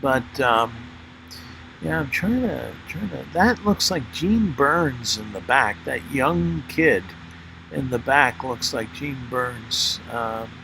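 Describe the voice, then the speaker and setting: An older man talking through old photographs and his memories, pausing often, with many fillers and restarts. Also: mid-range voice, animated, creaky, noisy background. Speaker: former member narrating a history video. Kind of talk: unscripted spoken commentary over photos.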